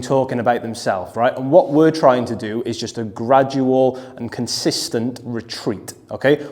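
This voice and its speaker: Brief: British instructor host, mid-pitched, steady explainer, long reverb trailing behind. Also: male voice. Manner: steady, explanatory, checks in with "right?" and "okay?". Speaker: self-defence instructor and host. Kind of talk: instructional chat to camera.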